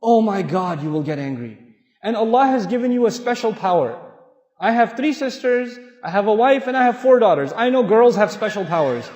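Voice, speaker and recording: A man's voice: high voice, a little fast, lo-fi sound. A man from Pakistan preaching in a large mosque hall, telling stories with humor and acting out the voices of people in them. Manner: animated, humorous, acts out quoted voices. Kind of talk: storytelling sermon. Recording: echoey hall.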